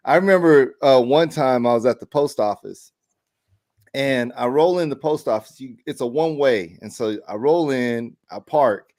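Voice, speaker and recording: A middle-aged man co-hosting a casual talk show, telling a story with lively energy. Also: medium pitch, normal speed. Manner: animated storyteller who acts out quoted people. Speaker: podcast co-host.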